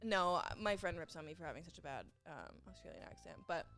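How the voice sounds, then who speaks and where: Lively, laughing young woman podcast guest. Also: on the low side, fast, gravelly, faint music behind. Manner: playful, laughs often, riffs on jokes. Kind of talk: casual chat.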